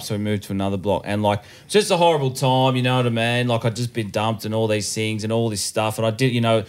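A man's voice: fairly low pitch, clean tone. A man, a guest comedian telling a rambling, sweary story on a casual podcast. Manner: rambling, full of restarts and swearing.

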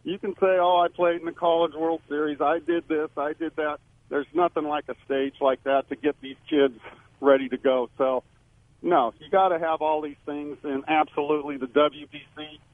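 A man's voice: on the high side, fairly even intonation, moderate pace, a little hiss or hum. Man on a tinny phone line. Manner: emphatic, rambling with frequent restarts. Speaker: former baseball player, radio guest. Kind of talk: sports radio call-in analysis.

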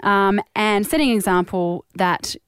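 A woman's voice: mid-range voice, moderate pace, a bit bright. A woman in her thirties with an Australian accent, co-hosting a podcast and telling stories in a peppy, chatty way. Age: 30s. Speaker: podcast co-host. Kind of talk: casual chat.

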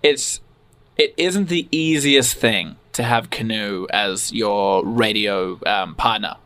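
A man's voice: fairly low pitch, slow, sharp tone, dry recording. A man hosting a comedy podcast, rambling and flustered as he gets interrupted. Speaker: podcast host.

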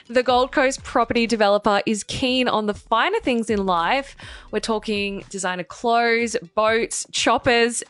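A woman's voice: fairly high pitch, fairly bright tone. A young woman hosting a reality TV gossip show, reading a script with sarcastic, chatty asides.

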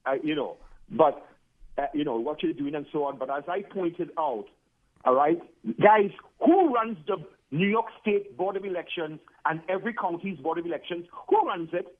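A man's voice: fairly high pitch, expressive, normal speed. A man calling in to a radio show, rambling and emphatic, restarting his sentences. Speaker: caller. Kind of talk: phoned-in talk radio call. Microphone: telephone. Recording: tinny phone line.

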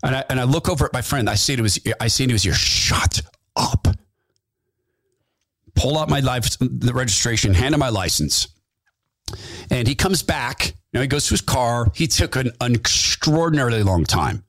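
A man's voice: medium pitch, lively intonation, a little fast, fairly bright tone, dry recording, clean studio sound. A middle-aged man hosting a talk radio show, telling folksy stories and acting out the quotes. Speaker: radio host. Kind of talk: storytelling talk radio monologue.

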